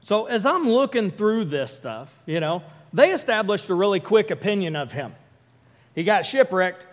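A man preaching a casual sermon, talking conversationally, breaking off mid-thought and acting out quick asides. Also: high voice, big pitch swings. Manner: conversational, self-interrupting, acts out quick asides. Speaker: pastor. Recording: hall reverb.

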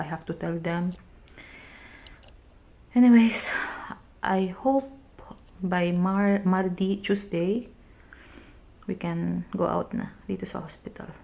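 A young woman from the Philippines with a Filipino accent, a new mother talking softly and emotionally in a casual vlog from a hospital room, sometimes close to a whisper. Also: fairly low pitch, creaky. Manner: soft, tired, emotional, often near a whisper. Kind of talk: casual vlog talk, mixing Tagalog and English.

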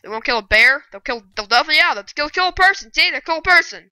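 A woman giving live gameplay commentary, excitable and bursting into loud shouting rants. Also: sits high, fast talker, no room sound. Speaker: gaming video creator.

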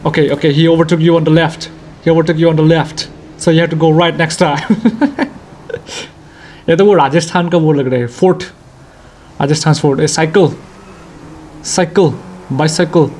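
A young Indian-accented man with a bright, high-pitched voice riffs through a racing game in a jokey, excitable way, often breaking into loud cheers. Game engine noise sits faintly underneath him. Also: racing, pauses often. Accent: Indian English. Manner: excitable, playful, jokey, bursts of shouting. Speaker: gaming YouTuber. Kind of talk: let's-play racing commentary.

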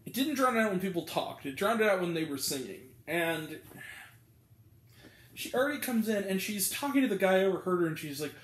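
Young man, casual movie vlogger, rambling delivery, high voice, roomy reverb. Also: lively intonation, a little fast. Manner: rambling, filler-heavy, chatty. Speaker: movie reviewer. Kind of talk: casual video review. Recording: roomy echo.

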